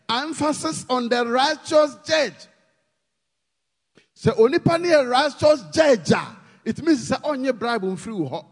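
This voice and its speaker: Ghanaian man, preacher, unhurried delivery, pleading, bursts of shouting, reverberant hall. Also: very high-pitched, expressive. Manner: pleading, rising to shouted emphasis. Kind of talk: sermon.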